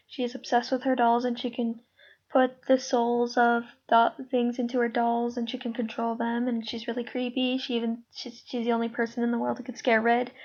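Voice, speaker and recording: A woman explaining a casting call to her viewers in a casual, rambling way, full of ums and trailing asides. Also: on the high side. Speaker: creator running a casting call. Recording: dull lo-fi home mic.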